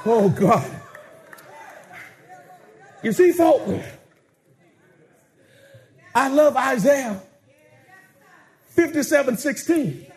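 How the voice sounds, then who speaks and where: Male pastor, very high voice, slow, shouted sermon delivery. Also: lively intonation, some chatter behind. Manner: shouting, drawn-out preaching with laughter.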